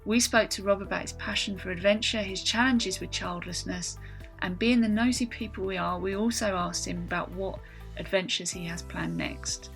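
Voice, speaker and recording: A woman's voice: mid-range voice, normal speed, creaky, fairly bright tone, faint music behind, rough recording. A woman host reading a scripted podcast introduction in a wry tone.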